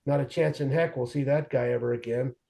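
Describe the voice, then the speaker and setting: Man with a mellow voice recounting his past. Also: medium pitch, brisk, vocal fry. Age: 40s. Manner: earnest, animated retelling with quoted dialogue. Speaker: guest sharing his recovery story. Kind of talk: conversational storytelling.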